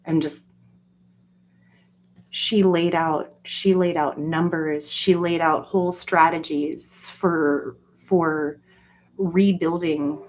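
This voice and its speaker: A woman in a casual solo monologue, ranting profanely with lots of fillers and acting out quoted voices. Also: slow pace. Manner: profane, animated, jokey rants with frequent fillers; acts out quoted voices with jumps in pitch. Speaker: solo vlogger.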